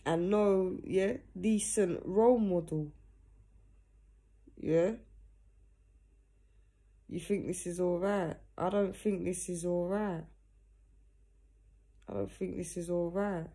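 A woman's voice: fairly low pitch, fairly even intonation, takes it slowly, long pauses, warm tone, slightly rough. A young woman talking casually to camera from home, earnest and direct, ending nearly every phrase with "yeah?". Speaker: vlogger. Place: at home in pajamas. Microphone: phone or camera.

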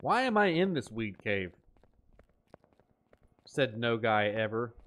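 A man's voice: mid-range voice, sing-song, takes it slowly, fairly bright tone. A man streaming a game, joking and riffing in playful banter with his chat. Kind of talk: gaming stream commentary.

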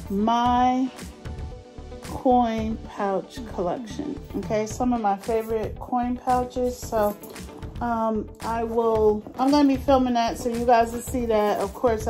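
A woman from New Jersey vlogging in a casual, animated way, telling stories and playfully acting out conversations. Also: fairly high pitch, low-quality recording. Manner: chatty, animated storytelling with playful put-on voices. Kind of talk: casual vlog chat.

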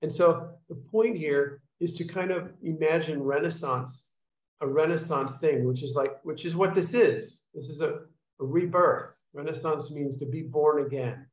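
A man's voice: on the high side, normal speed. Man rambling in an echoey room. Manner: rambling, with restarts and demonstration sounds. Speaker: workshop leader. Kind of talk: casual teaching to an online group. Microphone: video call.

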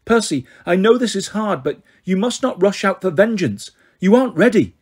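Guy reading as wise kindly centaur teacher, measured n firm, kinda husky. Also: high-pitched, animated, voice pushed up. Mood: grave, gentle. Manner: measured, firm, gently insistent. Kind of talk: audiobook character reading.

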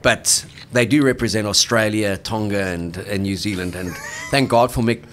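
A man co-hosting a rugby podcast in casual sports chat, emphatic and quick to laugh. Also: fairly low pitch, slight background noise.

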